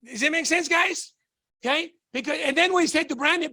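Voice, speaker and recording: A middle-aged man from Tonga giving a motivational sales talk, excitable, shouting in bursts and repeating rhetorical questions. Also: very high-pitched, fairly quick. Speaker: business opportunity presenter.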